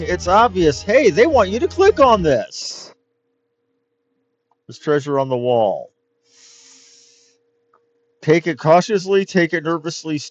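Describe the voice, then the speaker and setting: A man's voice: on the high side, very animated, slow, pauses often. A man hosting a let's play, giving chatty, wry commentary full of rambling asides. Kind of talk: casual gameplay commentary. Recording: dull lo-fi mic with game music.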